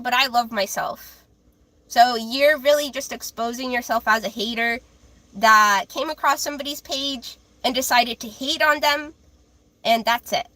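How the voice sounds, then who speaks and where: A young woman with a high, childlike voice, chatting casually with viewers on a livestream while reading tarot. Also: pushed and bright, no room sound. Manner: chatty, giggly, reads chat aloud.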